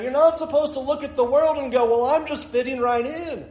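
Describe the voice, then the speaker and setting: A man's voice: very high-pitched, normal speed, few pauses, darkish tone, reverberant, rough recording. A male pastor preaching a sermon, earnest and building to emphatic challenges.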